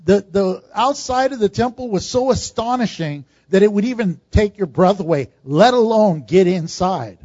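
A man's voice: high voice, expressive, normal speed, few pauses, darkish tone, no room sound, highs cut off. A man preaching a sermon, telling the story with animation and asking the audience questions. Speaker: pastor.

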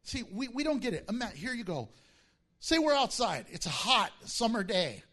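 Male pastor, high voice, swooping delivery, sermon with acted-out asides. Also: normal speed. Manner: animated, acts out disciples' voices.

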